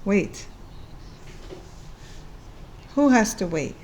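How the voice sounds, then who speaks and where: Her mid-range voice is sing-song, darkish, and breathy-edged, at a moderate pace. As an astrology reader giving a casual reading, she's playful and chatty, laughing often and singing along in snatches.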